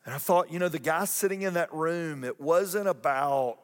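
Animated preacher man in a hall. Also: a little fast, hardly any pauses. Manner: animated preaching, repeats himself, rises in pitch for emphasis. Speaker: pastor. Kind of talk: sermon. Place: church auditorium.

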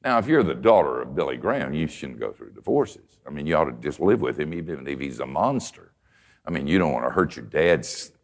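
Older male preacher, lively storyteller. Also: a bass voice, fairly quick. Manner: folksy storytelling, swings from soft to emphatic. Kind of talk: conversational sermon.

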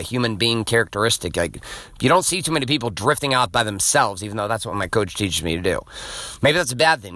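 A middle-aged man hosting a podcast, telling a story in a blunt, profane, animated casual monologue. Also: mid-range voice, no room sound. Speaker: podcast host.

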